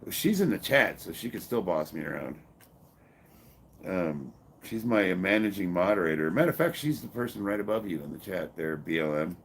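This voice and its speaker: A man's voice: sits low, big pitch swings, moderate pace, slightly rough. A fifty-year-old man from Illinois, reading his live-stream chat in a blunt, combative, profane way, with bursts of laughter. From Illinois, USA. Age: 50s. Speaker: powerlifter answering live chat.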